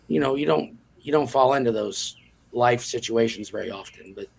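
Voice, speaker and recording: A man's voice: medium pitch, normal speed, creaky, slightly rough. A man from the New York area, a competition cook, speaking earnestly as a guest in a casual interview.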